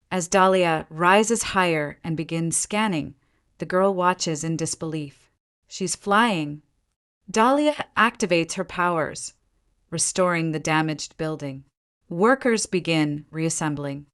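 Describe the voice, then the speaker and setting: A woman's voice: on the low side, measured pace, smooth. A woman narrating a comic story recap in a scripted storytelling style, reading all the characters' lines herself. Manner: even storytelling, voices every character lightly.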